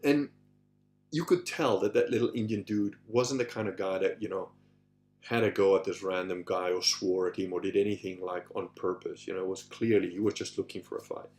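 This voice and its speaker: A man's voice: sits low, fairly quick. Rambling man telling street stories. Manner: rambling, frequent restarts and "you know"; animated, acts out voices in his stories. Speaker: podcast host answering listener questions. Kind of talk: casual storytelling monologue.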